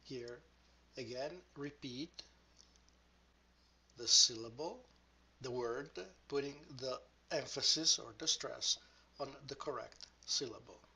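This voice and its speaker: A man teaching a grammar lesson, speaking deliberately and modelling each example word aloud. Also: mid-range voice, pushed and bright, husky. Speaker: language teacher.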